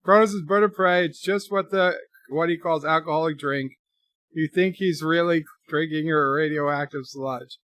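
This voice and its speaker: A man's voice: a little high, fairly even intonation, normal speed, a bit bright, no room sound. A man hosting a live movie rewatch, chatting and reading viewer comments aloud as he reacts.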